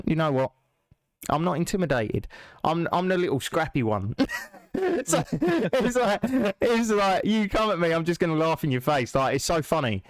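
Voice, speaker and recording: A young man hosting a podcast. He tells stories in a lively way, laughs often and acts out quotes. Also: fairly high pitch, no echo. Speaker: podcast host. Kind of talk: casual podcast chat.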